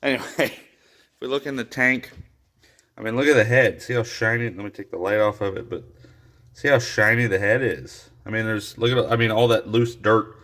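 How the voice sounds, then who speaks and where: A man with a hoarse voice, chatting casually with lots of fillers as he walks through an engine cleaning for his vlog. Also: on the low side, moderate pace, a bit bright. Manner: chatty, full of fillers and asides. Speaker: car-build vlogger. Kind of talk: casual workshop walkthrough.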